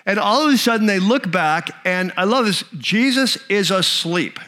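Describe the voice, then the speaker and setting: A man preaching a sermon, telling a story in an animated, conversational way with frequent restarts. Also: sits high, normal speed. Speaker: pastor.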